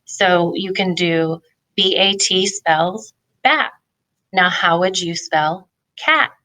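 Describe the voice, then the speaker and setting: A woman talks parents through reading games in a friendly, explanatory way, now and then pausing on an um. Her voice sits a little low but rings bright and forceful. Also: low-quality recording. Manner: friendly, explanatory, with filler ums. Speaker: family literacy presenter. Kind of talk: instructional talk for parents.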